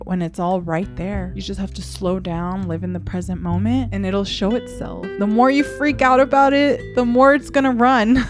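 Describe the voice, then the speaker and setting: A woman's voice: on the low side, steady tone, normal speed, few pauses, music in the background. A woman hosting her own podcast, talking in a heartfelt, emotional way and laughing often. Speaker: podcast host. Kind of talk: solo podcast monologue.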